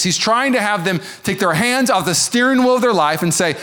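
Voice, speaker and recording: A male pastor preaching a sermon to a church congregation, animated and acting out the voices of the people he quotes. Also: high-pitched. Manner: animated, acts out quoted voices, quick asides. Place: church service.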